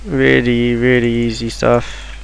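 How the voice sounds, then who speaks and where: Slow and monotone, a mid-range male voice with vocal fry and a smooth quality rambles through a casual game walkthrough, dotted with ums and restarts. The speaker makes game guides, and the recording is low quality.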